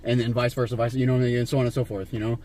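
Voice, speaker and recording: Picked up by a handheld camera inside his car, a Las Vegas vlogger rambles to a stranger during a street encounter, cursing and filling his story with fillers and restarts. He speaks very fast in a mid-range, level, mellow voice, with slight background noise.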